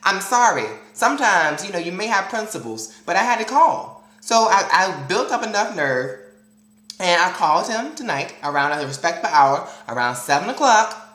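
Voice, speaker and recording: A man's voice: high voice, big pitch swings, moderate pace, pushed and bright. Brief: man vlogger, dramatic and sassy storyteller, recorded in a roomy, echoey space. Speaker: vlogger addressing viewers. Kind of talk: casual storytelling vlog.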